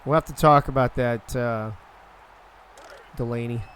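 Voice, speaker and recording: A man's voice: medium pitch, steady tone, a little slow, fairly bright tone, a little hiss or hum. A young man calling a football video game live on a stream, loose and profane, talking to his chat between plays.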